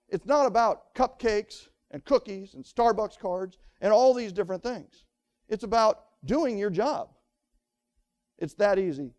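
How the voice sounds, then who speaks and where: Man, high voice, energetic seminar speaker, punchy repeated phrases, quizzes the crowd. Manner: energetic, fires rhetorical questions at the audience. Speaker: motivational speaker at a real estate seminar. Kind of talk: live seminar talk to an audience.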